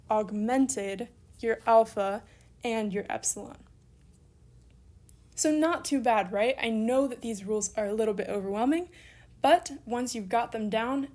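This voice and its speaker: With a fairly high but darkish voice, a young woman guides listeners through a recorded language lesson. She keeps an upbeat, encouraging tone as she explains worked examples, casually correcting herself and slipping in side comments.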